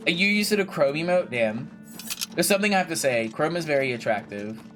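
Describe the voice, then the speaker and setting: A man's voice: a little high, lively intonation, fairly quick, fairly bright tone, faint music behind. A young man casually commentating his gameplay, chatty and jokey, swearing freely and talking to himself and the game characters. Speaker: gaming video creator.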